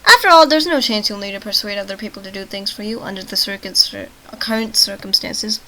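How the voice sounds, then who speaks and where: A woman's voice: mid-range voice, a little fast, sharp tone, slight background noise, rough recording. A woman reading a text adventure aloud with chatty, self-mocking asides, often tripping over words and laughing it off. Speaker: let's-play host reading a text game aloud.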